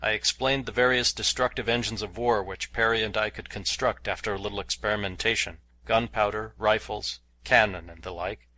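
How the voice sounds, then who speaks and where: Male audiobook narrator, low-ish voice with a bright edge, steady measured reading. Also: poor audio. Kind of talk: scripted narration of a novel.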